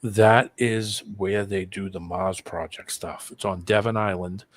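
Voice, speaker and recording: A man's voice: sits low, steady tone, measured pace. A man in casual chat on a live stream video call, rambling and conspiratorial as he explains something. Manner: rambling, conspiratorial, talks over the other man.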